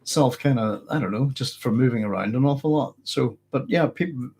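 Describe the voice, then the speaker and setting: A middle-aged man from Northern Ireland speaks a little fast in a mid-range voice that's slightly mellow and a bit rough, carrying a mixed Northern Irish accent. During a casual livestream Q&A he answers chat questions with a cold-hoarsened throat. He rambles, restarts often and chuckles frequently.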